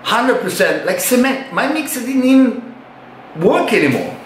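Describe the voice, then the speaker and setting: A man's voice: very high-pitched, sing-song, moderate pace, slight background noise. An older man telling a story about his past in casual, profane speech, acting out his own reactions. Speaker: retired bodybuilder. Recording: roomy echo.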